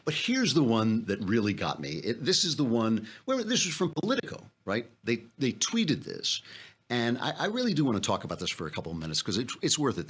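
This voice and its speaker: A man's voice: lowish voice, fairly bright tone. A man hosting a political commentary podcast, delivering an impassioned, sarcastic monologue. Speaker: podcast host.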